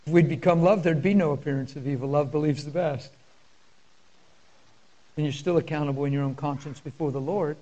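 Impassioned high-voiced preacher man. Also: a little fast, long pauses, warm tone, muffled recording. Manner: impassioned, emotional, conversational preaching. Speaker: pastor. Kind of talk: sermon with personal storytelling.

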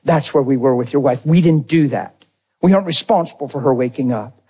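A man preaching a personal testimony, acting out the dialogue, swinging from near shouts to hushed tones. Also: medium pitch, a little fast, breathy edge. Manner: acts out dialogue in his story. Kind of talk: testimony sermon.

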